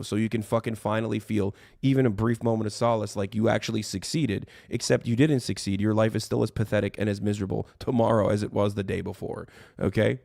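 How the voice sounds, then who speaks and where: Man, livestreamer, heated profane rant, rambling, gravelly fry, dry close sound. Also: fairly low pitch, fairly even intonation, quick pace, a little mellow, dry recording. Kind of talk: ranting livestream reaction.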